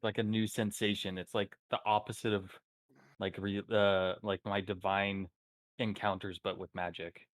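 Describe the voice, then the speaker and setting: A man playing in a tabletop game, talking in a halting, musing way full of fillers. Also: lowish voice, little pitch movement, dry recording. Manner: halting, musing, full of likes and you-knows. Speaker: player. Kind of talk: casual tabletop role-play.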